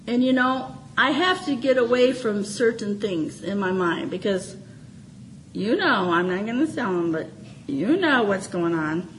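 A middle-aged woman giving an informal sermon testimony, animated and laughing, swinging from excited exclamations to low murmurs. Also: unhurried, slight background noise, rough recording. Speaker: church speaker.

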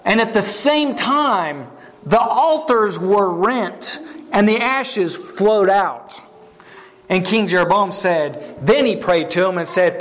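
Very high-voiced man preacher. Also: expressive, slow pace, fairly bright tone. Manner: storytelling, repeats words, asks the listeners questions. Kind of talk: sermon.

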